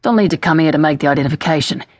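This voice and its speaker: A woman's voice: low voice, rapid-fire, darkish tone, no echo. A woman voicing a brutish male police detective who talks in a soothing, patronizing way.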